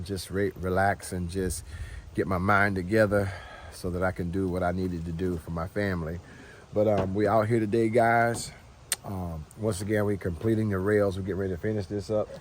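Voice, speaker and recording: A middle-aged homestead vlogger films outdoors at his home, talking to camera in a casual, easygoing and heartfelt way, speaking straight to his viewers. His voice is low, with a little hiss or hum in the recording.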